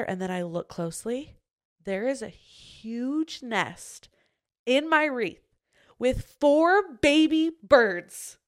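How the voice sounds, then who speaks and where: A young pregnant woman hosting a casual podcast chat, telling stories with animated, swearing energy and acting out her own reactions. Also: on the high side, slow pace. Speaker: podcast host.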